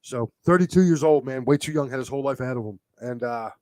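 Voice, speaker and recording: A man co-hosting a sports talk show in casual chat, teary and speaking haltingly with many fillers. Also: medium pitch, warm tone, no room sound. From Philadelphia area. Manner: halting, full of fillers and pauses. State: teary, emotional.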